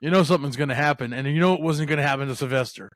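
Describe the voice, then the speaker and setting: A man's voice: a little high, rapid-fire, dry recording, studio quality. Rambling, swearing male podcast host. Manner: rambling, swearing, acts out lines with laughs. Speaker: podcast host reviewing a movie. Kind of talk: casual chat.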